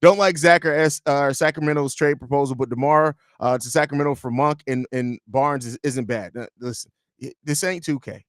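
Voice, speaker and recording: A man's voice: medium pitch, normal speed, dry recording, clean studio sound. A man hosting a live sports podcast, rambling and joking profanely while reading chat aloud. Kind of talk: casual live-stream chat.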